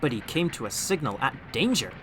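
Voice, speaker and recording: A man narrating a storybook audiobook with expressive, animated storytelling. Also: mid-range voice, fairly quick, heavy background noise.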